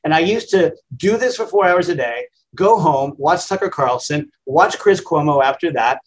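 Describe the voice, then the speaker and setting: A radio host in his fifties talks plainly and casually, the way he would at a kitchen table. His voice sits a little high for a man, and he keeps the tone self-deprecating and easygoing. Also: expressive, moderate pace, poor audio. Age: 50s. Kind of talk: casual interview answers.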